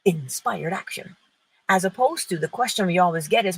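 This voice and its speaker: Woman host giving an inspirational talk; husky, animated pitch, emphatic delivery. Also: moderate pace, rough recording. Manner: emphatic, asks rhetorical questions and answers them.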